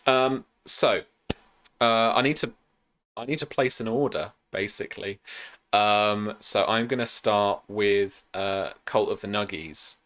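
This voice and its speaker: Rambling, sweary game master. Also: male voice, fairly low pitch, unhurried, a bit bright. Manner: rambling, sweary, full of fillers. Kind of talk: improvised tabletop game narration.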